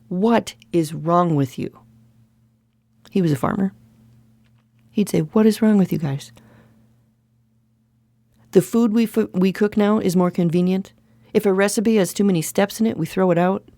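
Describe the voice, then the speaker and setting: A woman's voice: medium pitch, fairly quick, mellow, no room sound. A middle-aged woman hosting her own podcast, talking on her own in a candid, emphatic way and repeating her points for stress. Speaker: podcast host. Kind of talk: solo podcast monologue.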